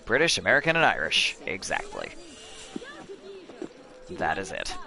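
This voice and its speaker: A man streaming a game, chatting casually and thinking aloud with many pauses and ums. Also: sits low, wildly swooping pitch, gravelly, bright, forceful tone. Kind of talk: casual live-stream chat.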